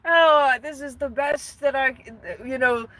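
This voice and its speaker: A woman's voice: high voice, steady tone, unhurried, pushed and bright, voice pushed up. A woman voicing a lovesick, melodramatic masked man who swoons and gasps that he is dying of love. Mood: swooning. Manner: swooning, gasping, repetitive.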